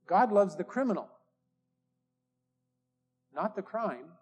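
Older man, pastor, sermon, high-pitched, slow, emphatic. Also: sing-song, a little mellow, husky. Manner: slow, emphatic preaching, stretching key words. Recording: old sermon tape recording.

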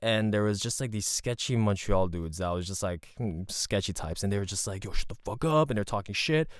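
Low, smooth-voiced man telling a rambling story. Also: a little fast, no room sound, clean studio sound. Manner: rambling, profane, animated. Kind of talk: casual storytelling.

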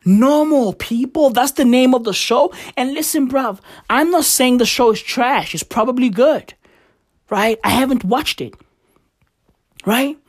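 A woman's voice: high-pitched, measured pace, slightly rough. A young woman delivers a profane, slang-heavy comedic rant to camera, mock-outraged throughout. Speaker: vlogger.

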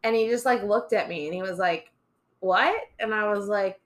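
A woman's voice: medium pitch, moderate pace. A young woman, a teacher, chatting casually on a podcast, telling stories and acting out voices. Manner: chatty storyteller, acts out voices and swears for laughs.

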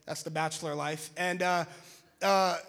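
A young man, a pastor, telling a lively, jokey story to an audience and acting out his own shouts. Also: on the high side, unhurried, vocal fry.

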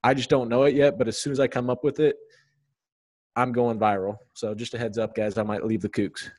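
A man's voice: medium pitch, little pitch movement, a little fast, darkish tone. A man co-hosting a casual podcast, rambling and joking about his own ideas. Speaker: podcast co-host. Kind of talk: casual chat.

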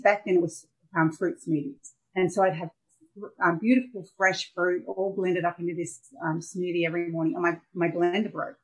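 Aussie woman in her middle years telling her story on a podcast, kinda low voice, gets animated. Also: rough recording. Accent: Australian. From Australia. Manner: candid, animated storyteller who acts out scenes. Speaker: guest. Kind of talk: personal storytelling in a podcast interview.

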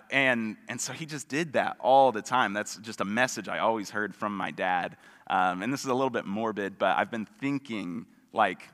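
Male pastor, low bright voice, easygoing sermon delivery, long hall reverb. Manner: relaxed, conversational, with self-deprecating humor.

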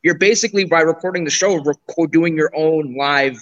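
A man's voice: fairly high pitch, brisk, fairly bright tone, no room sound, dull audio. A man explaining things in casual talk, a little self-deprecating. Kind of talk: casual chat.

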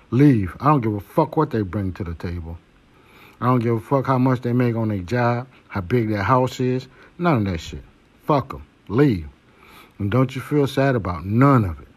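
A man hosting a podcast, giving blunt, preachy advice with heavy cursing. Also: medium pitch. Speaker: podcast host. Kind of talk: profane monologue.

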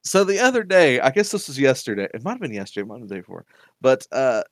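A man co-hosting a podcast in casual chat, animated and laughing often as he tells stories. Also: mid-range voice, very fast, background noise. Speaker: podcast co-host.

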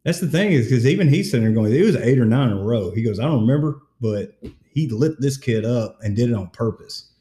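A man's voice: mid-range voice, brisk, echoey room. A man hosting a casual sports podcast, retelling stories and acting out quotes. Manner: animated storyteller, acts out quotes. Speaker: podcast co-host.

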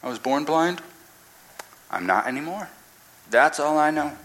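A man's voice: on the high side, animated, unhurried, fairly bright tone, voice pushed up. A man voicing a sassy young man once blind, talking back sarcastically. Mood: shrugging. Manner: sarcastic, exasperated.

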